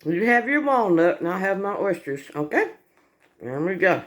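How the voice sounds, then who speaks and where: A woman's voice: medium pitch, sing-song, moderate pace. A woman in a home video, talking to her pet in doting baby talk while it eats. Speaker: pet owner filming her pet.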